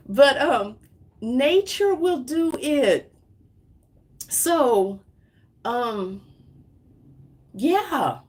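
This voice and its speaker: Woman, psychic livestream host, slow unhurried talk, frequent laughs, casual rambling delivery. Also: high-pitched, big pitch swings, husky. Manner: slow, laughing often, trailing off in restarts.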